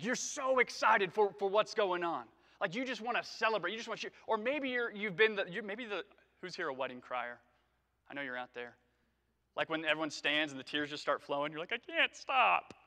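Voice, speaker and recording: Animated preacher man in a reverberant church. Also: high-pitched. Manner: animated, conversational, jokes with congregation. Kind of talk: sermon. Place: church sanctuary.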